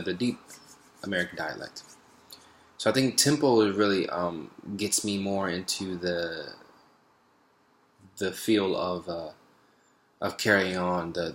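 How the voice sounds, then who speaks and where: A man's voice: deep voice, fairly bright tone, echoey room. A man talking through his thoughts in a video diary, hesitant and full of fillers and restarts. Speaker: vlogger practicing accents. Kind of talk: reflective spoken video diary.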